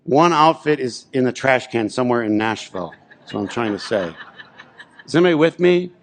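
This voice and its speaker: A man's voice: medium pitch, animated, fairly quick, slight background noise. A man preaching a sermon as pastor, telling a personal story in a conversational way and often asking the congregation whether they're with him. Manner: conversational, repeatedly checks in with the congregation. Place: church sanctuary.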